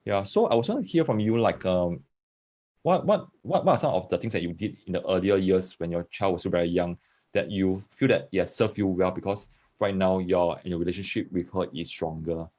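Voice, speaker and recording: A man with a Singaporean English accent hosts a casual online interview. His voice is very low. He speaks with hesitations and repeats words, and the call audio sounds dull and lo-fi. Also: fairly quick, darkish tone. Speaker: host.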